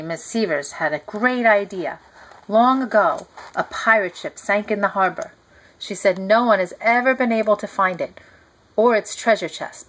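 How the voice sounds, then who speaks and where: Woman, reading a storybook aloud to a child, gentle, talks to the listener, unhurried. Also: mid-range voice, low-quality recording. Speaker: reader.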